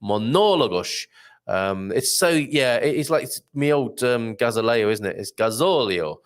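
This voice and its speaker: A man's voice: normal speed, clear, resonant tone. A man hosting a casual live stream, reading viewer comments aloud in a chatty, rambling way with lots of fillers. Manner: chatty, rambling, lively pitch, many fillers.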